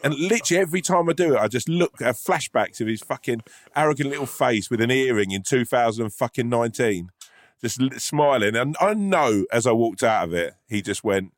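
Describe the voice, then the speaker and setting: A man's voice: mid-range voice, animated, fairly quick, no echo, studio quality. A man, telling rambling, sweary stories in a casual podcast chat. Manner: sweary, ranting storytelling.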